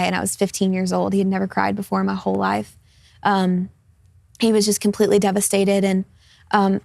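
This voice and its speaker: Gravelly young woman sharing a testimony. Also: mid-range voice, no room sound, studio quality. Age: 20s. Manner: earnest, casual, with frequent fillers. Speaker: guest. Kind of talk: personal testimony in a studio interview.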